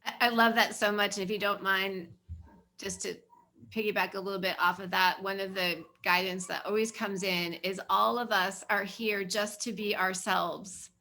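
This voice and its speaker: A woman with a bright, clear voice co-hosts a spiritual ceremony over a video call. She speaks gently and encouragingly and affirms what the others have shared. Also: mid-range voice, steady tone, normal speed. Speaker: ceremony co-host. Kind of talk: spiritual group sharing.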